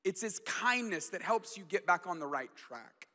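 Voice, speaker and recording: A man's voice: sits high, lively intonation, moderate pace, sharp tone, big-room sound. A man preaching a sermon as pastor, chatty and storytelling, often repeating words.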